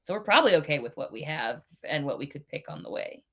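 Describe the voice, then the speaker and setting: A woman playing in a tabletop game, speaking in a measured, questioning way. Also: sits low, sing-song, a bit bright. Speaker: player. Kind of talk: casual tabletop play.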